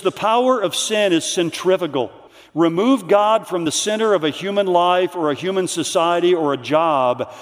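A man preaching a conference sermon in earnest, reading quotes slowly so they sink in. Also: on the high side. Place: large hall. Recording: long hall reverb.

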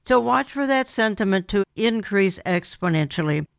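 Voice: medium pitch, expressive, creaky, no room sound. Earnest talk-radio host, dry studio sound. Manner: earnest, measured, reads aloud from reports. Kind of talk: talk radio commentary and reading news reports.

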